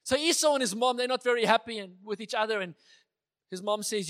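A man's voice: high-pitched, quick pace, a bit bright. A man giving a conversational sermon who sometimes acts out the dialogue he retells. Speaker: preacher.

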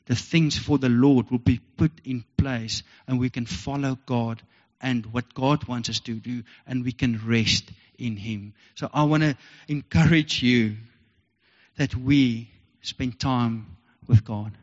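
A South African pastor with a mid-range voice preaches a heartfelt sermon, earnest and slow, with fairly even intonation as he keeps returning to the same phrases. A long reverb trails his words through the church hall, and the recording sounds dull and lo-fi.

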